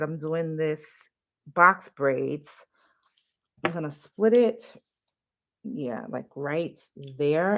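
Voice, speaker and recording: Chatty lively woman doing a hair tutorial. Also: fairly low pitch. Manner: chatty, filler-heavy, confiding. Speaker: natural hair vlogger. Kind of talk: casual hair tutorial chat. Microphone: phone.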